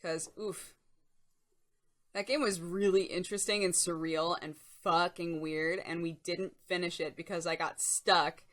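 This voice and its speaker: A young woman hosts a relaxed stream chat, talking into a desk microphone. Her voice sits a little low for a woman, and she chats and giggles easily while answering viewers. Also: a little slow. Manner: chatty, giggly, reads chat aloud. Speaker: streamer host. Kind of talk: casual live-stream chat.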